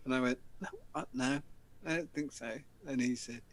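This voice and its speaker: A British man hosts a casual chat show, swearing and laughing through his stories. His voice sits mid-pitch. It is recorded very dry, with no room echo. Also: fairly quick, fairly bright tone. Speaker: host. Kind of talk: casual banter and reading news.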